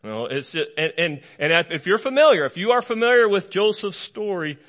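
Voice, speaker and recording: A man's voice: high voice, very animated, fairly quick, a bit bright. A middle-aged male pastor preaching a humorous sermon, retelling a story playfully and acting out the quotes.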